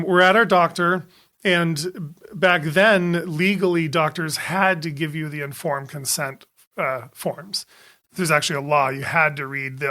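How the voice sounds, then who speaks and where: A man in his fifties recounting a personal story on a casual podcast. His voice sits a little high and rings bright and forceful. He circles back and restarts his sentences, with frequent ums along the way. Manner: halting, many ums and restarts. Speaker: podcast co-host, doctor.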